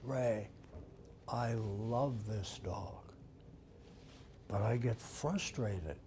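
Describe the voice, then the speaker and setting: Big blustery dog-owner guy, as quoted by an older man, slow and mellow. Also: on the high side, very animated, slight background noise. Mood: sheepish.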